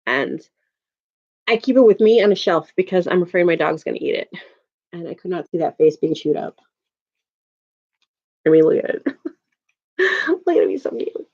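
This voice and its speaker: The dull, lo-fi audio of a home stream carries the lowish, darkish voice of a Chicago-area woman in her thirties. She hosts a casual livestream at a moderate pace, pausing often, chatting with viewers and laughing frequently.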